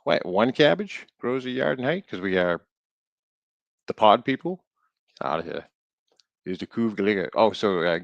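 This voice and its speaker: A man's voice: sits low, no room sound, lo-fi sound. A man streaming live, reading aloud from an old book, stumbling over words and breaking off into jokey asides. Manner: reads aloud haltingly, stumbling over words and riffing jokingly.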